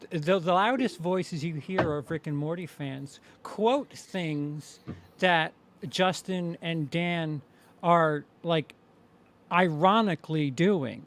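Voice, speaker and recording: A man co-hosting a casual live show, talking in a rambling way with many halting restarts and some swearing. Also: on the high side, slight background noise. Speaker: podcast co-host. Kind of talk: casual chat.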